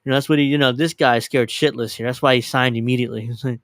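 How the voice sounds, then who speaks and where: A man's voice: mid-range voice, fairly even intonation, racing, a bit bright, no echo. A man hosting his livestream, giving casual, profane, sarcastic commentary on a clip and laughing often. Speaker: livestream host.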